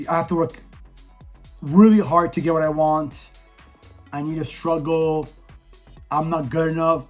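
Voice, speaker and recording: A young man whose voice is worn hoarse from days of yelling, pitched a touch high. He talks in a blunt, profane, fired-up way, like a candid vlog straight to camera. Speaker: vlogger reviewing an event. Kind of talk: casual candid monologue.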